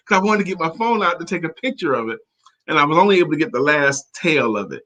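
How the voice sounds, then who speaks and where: A man's voice: a little high, big pitch swings, fast talker, bright, forceful tone. A man co-hosting a talk show in casual chat, playful and teasing, laughing often. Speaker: co-host.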